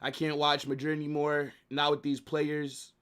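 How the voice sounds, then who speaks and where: A man's voice: on the high side, completely flat delivery, normal speed, fairly bright tone, clean tone. A young man hosting a live football watch-along, ranting and swearing in frustration. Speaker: livestream host.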